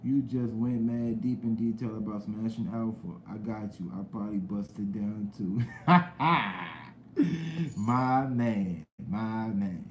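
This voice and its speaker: A man's voice: on the low side, steady tone, a little slow, hardly any pauses, roomy sound, a little hiss or hum, low-quality recording. Laid-back young man streaming live. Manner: loose, rambling talk with slang and cursing, greets chat viewers loudly. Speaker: live stream host chatting with viewers. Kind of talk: casual live-stream chat.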